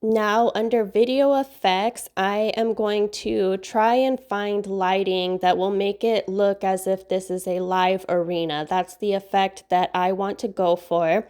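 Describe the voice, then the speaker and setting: A woman hosting a software tutorial, upbeat and enthusiastic, her voice nasal from a recent cold. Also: mid-range voice, fairly even intonation, a little slow, few pauses. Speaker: video tutorial host. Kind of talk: screen-recorded software tutorial.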